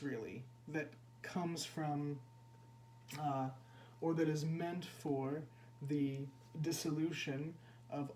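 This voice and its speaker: A man giving a contemplative spiritual discourse as a teacher, unhurried and repeating key phrases for emphasis. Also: on the high side, darkish tone, a little hiss or hum.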